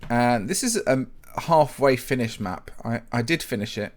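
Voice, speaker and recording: A man's voice: medium pitch, lively intonation, moderate pace. A man hosting a casual live stream, chatting with viewers while he builds in Minecraft. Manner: chatty and rambling, greets viewers by name, frequent ums. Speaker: livestream host, Minecraft map builder.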